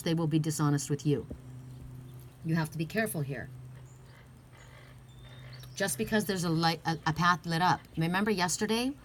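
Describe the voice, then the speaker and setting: A woman's voice: low voice, a little hiss or hum. A middle-aged woman giving an earnest, heartfelt oracle card reading, emphatic and casual.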